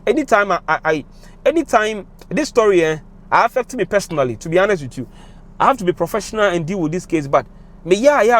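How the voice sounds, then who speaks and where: Ghanaian man, high voice, rapid speech, emotional commentary, mixing English and Twi. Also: big pitch swings. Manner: emotional, impassioned, switches between English and Twi. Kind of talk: passionate commentary to camera.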